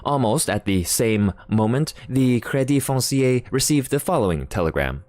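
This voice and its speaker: Deep-voiced woman narrating an audiobook. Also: normal speed, no room sound. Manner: expressive, theatrical reading.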